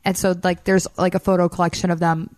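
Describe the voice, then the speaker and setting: A woman's voice: lowish voice, fast talker, dry recording. A young woman telling a long story in casual chat, acting out quotes and saying "like" constantly. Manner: animated storyteller, heavy use of "like", acts out quotes.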